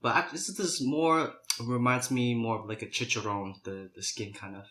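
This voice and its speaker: A man casually chatting while eating spicy noodles, clearing his throat and sniffling, then recapping an anime in a loose, rambling way. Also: medium pitch, steady tone, moderate pace, a bit bright, reverberant, rough recording. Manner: chatty, loose, with frequent restarts and "you know". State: runny nose from spicy food, clearing throat. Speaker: mukbang vlogger.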